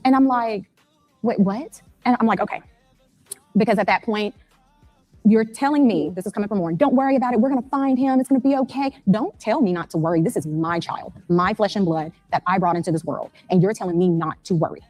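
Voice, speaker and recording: A mother telling her story in an interview, retelling events rapidly and anxiously and acting out phone calls. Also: mid-range voice, a little mellow, no echo.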